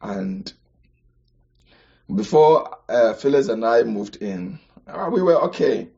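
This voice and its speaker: A man from Ghana, teaching about marriage on a podcast, emphatic, with rhetorical questions and sudden high-pitched exclamations. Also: animated, slow pace, creaky, dark tone, husky, highs cut off.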